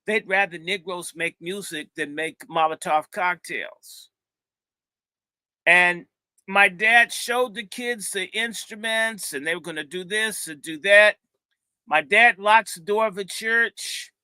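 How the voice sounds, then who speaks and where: A middle-aged man, a minister, telling a lively, funny story from his own past in animated talk, breaking into other people's voices. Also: sits high, smooth, dry recording.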